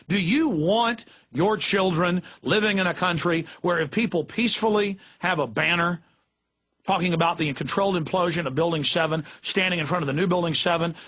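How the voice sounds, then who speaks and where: A man's voice: a little high, bright, forceful tone, breathy edge. A middle-aged man hosting political talk radio, ranting in a fiery, emphatic way. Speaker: radio talk show host.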